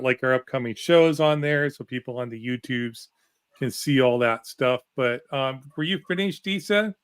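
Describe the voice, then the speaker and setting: A man hosting a livestream aftershow, relaxed, reading out donations and moving the panel along. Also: medium pitch, clear, resonant tone, no room sound. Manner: relaxed, reads donations aloud. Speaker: stream host. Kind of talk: casual livestream chat.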